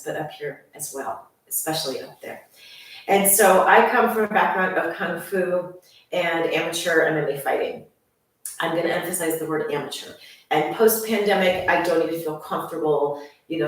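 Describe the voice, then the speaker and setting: A young woman fitness instructor who talks to her viewers in an enthusiastic, chatty way. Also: deep voice. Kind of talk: casual channel introduction. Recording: very echoey room, voice far from mic.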